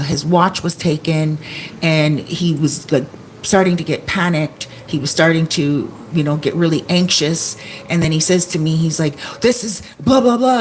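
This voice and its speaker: An Airbnb host and vlogger sits at home telling a story to her phone camera, chatting away and often quoting people with "he's like." Her voice sits low, with slight background noise.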